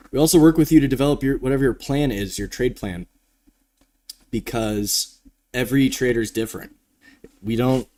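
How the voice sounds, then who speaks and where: A man's voice: lowish voice, darkish tone, no room sound. A man hosting a live trading stream, talking casually and rambling, with the odd yawn. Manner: rambling, conversational, yawning now and then.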